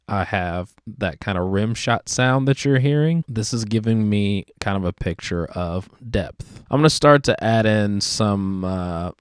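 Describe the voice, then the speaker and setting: A man explaining music production in a relaxed, conversational tutorial, leaning often on "kinda" as he talks through his decisions. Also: fairly low pitch, clear, resonant tone, no room sound, studio quality. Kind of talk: screen-recorded production tutorial.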